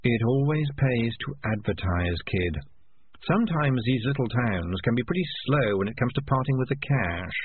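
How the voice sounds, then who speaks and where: A man's voice: lively intonation, normal speed, lightly acted. A man doing a sly, knowing rat piper. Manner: low, knowing and conspiratorial. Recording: tinny lo-fi with faint hiss.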